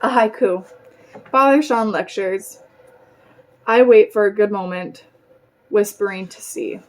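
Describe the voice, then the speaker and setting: A woman reading a novel aloud in a plain, unhurried way, with occasional stumbles. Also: mid-range voice. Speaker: reader.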